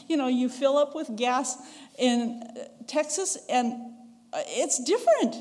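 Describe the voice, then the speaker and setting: A woman with a Western American accent preaches a sermon in an easy, conversational way, now and then chuckling and acting out what people said. Her voice sits a little high. The sound rings with the long reverb of a church sanctuary. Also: animated, unhurried, darkish tone. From western United States. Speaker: pastor.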